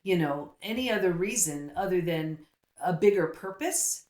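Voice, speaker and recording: A woman's voice: lowish voice, lively intonation, a little mellow. A middle-aged woman, a psychologist guest, telling her story in an earnest, casual interview manner. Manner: earnest, storytelling, quick asides. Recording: roomy echo.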